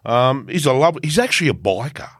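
A man's voice: medium pitch, very animated, a little fast, husky, no echo, studio quality. A man co-hosting a casual, sweary motorbike podcast. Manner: loose, sweary, laughing. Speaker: podcast co-host.

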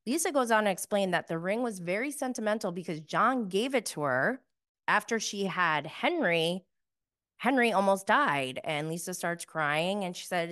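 Recapping reality TV on her podcast, this host keeps things chatty and sarcastic, with lots of filler words. Her voice is medium-pitched, animated and a bit bright, at a normal speed.

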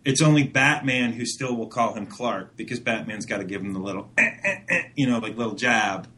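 A man co-hosting a casual podcast chat, talking haltingly with many restarts. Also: medium pitch, animated, bright, forceful tone, a little hiss or hum. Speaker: podcast co-host.

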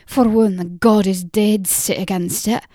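A woman voicing a gossipy, impatient old peddler woman who talks in a loud, rustic, chattering way in an audiobook. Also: medium pitch, fairly even intonation, unhurried, dry recording, clean studio sound, lightly acted. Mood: gossiping. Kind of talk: audiobook character voice.

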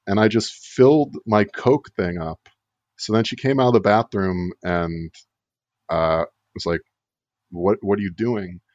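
A man with a fairly low voice tells a comic story in a loose, rambling way, hedging with filler words and wry asides. The sound is dull and lo-fi, with a dry, close feel. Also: no echo. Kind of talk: casual comedic storytelling.

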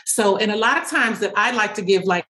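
A woman speech-language pathologist, a guest in an interview, explaining her therapy methods. She tells stories in an animated way and laughs often. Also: medium pitch, brisk, poor audio.

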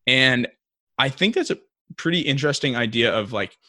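A man's voice: mid-range voice, lively intonation, moderate pace, sharp tone, no echo, studio quality. A young man co-hosting a casual podcast discussion, talking in a chatty way with lots of fillers and restarts. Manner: chatty, many likes and restarts, acts out quotes. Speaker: podcast co-host.

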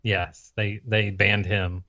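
A man co-hosting a podcast in casual chat, joking in a dry, deadpan way. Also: on the low side, slow. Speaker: podcast co-host. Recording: slightly dull, lo-fi sound.

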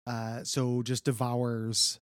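A man's voice: mid-range voice, monotone, slow, clear, resonant tone, dry recording. A man with a mid-range voice recaps a comic on a casual podcast. He is chatty, swears offhandedly, and often repeats words as he goes, recorded dry and close. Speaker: podcast co-host.

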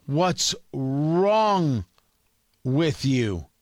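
A man's voice: on the high side, sing-song, extremely slow, no echo, studio quality. A man hosting a political commentary show, scolding and exasperated as he rants about his own side.

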